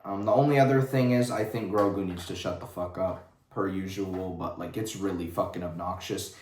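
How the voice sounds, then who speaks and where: A man's voice: low voice, fairly even intonation, normal speed, a little mellow. A man giving a casual livestream rant in a blunt, profane, rambling way. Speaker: vlogger. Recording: roomy echo.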